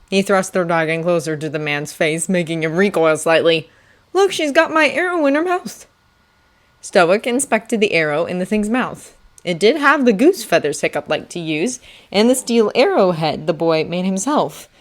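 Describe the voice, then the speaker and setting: A woman narrating a fanfiction audiobook with a steady, expressive reading. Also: fairly low pitch, moderate pace. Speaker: audiobook reader.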